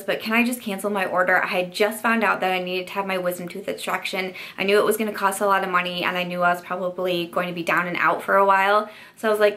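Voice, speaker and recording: A woman's voice: mid-range voice, bright, forceful tone. A young woman beauty YouTuber telling a chatty story-time vlog, full of "like" and "you know" fillers.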